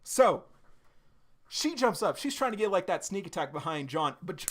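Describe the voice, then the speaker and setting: Man reacting live to a comic, excitable, swearing, filler-heavy, fairly high voice. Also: normal speed, slight background noise. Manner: excitable, profane, rambling with many fillers. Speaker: streamer.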